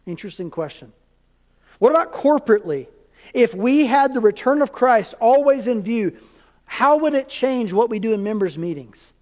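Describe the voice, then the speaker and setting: A man preaching a sermon as pastor, in an animated, conversational way with quick asides. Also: sits high, long reverb tail.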